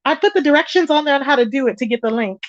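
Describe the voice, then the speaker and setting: A woman hosting a casual gossip livestream, chatty and animated, greeting viewers in the chat by name. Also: racing, no room sound. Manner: animated, pitch jumps up when excited. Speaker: live-stream gossip host. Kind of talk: casual live-stream chat. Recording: dull lo-fi sound, dry.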